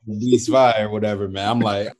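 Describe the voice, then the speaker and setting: A man's voice: on the low side, fairly even intonation, normal speed, noisy background. A man with an American accent in a casual chat, laid-back and slang-heavy, joking and emphatic.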